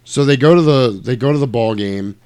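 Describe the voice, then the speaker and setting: A man casually retelling a movie plot in chat, animated and swearing, acting out lines in put-on voices. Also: medium pitch, a little fast, clean tone.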